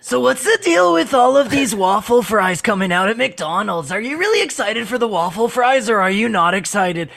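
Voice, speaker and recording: A man doing an impression of an eager male street interviewer asking quick, upbeat questions. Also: sits high, very animated, vocal fry, fairly bright tone, full character voice. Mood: perky.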